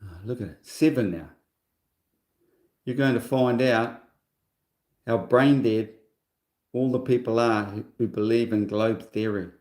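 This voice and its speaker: A man in his sixties rambles through a casual livestream monologue, scornful and full of asides. His voice sits mid-pitched with a dark, mellow tone. The room gives it a noticeable echo. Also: a little slow, pauses often. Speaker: livestream host.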